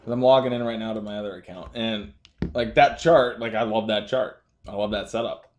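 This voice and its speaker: A man's voice: fairly low pitch, fairly quick, lo-fi sound. A young man chatting casually about trading, easygoing, laughing often and trailing off into loose phrases. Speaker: trader. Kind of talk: casual chat.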